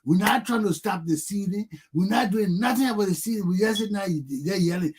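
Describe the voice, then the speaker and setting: A man with a Liberian English accent hosting a talk show, ranting heatedly and mimicking people's repeated yelling. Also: high-pitched, normal speed, long pauses, breathy edge.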